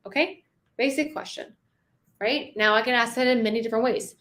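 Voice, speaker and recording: Conversational woman coaching with deliberate pauses. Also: a little high, fairly bright tone. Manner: conversational, slows down and pauses for emphasis. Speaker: sales coach. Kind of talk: casual teaching with spoken sales examples.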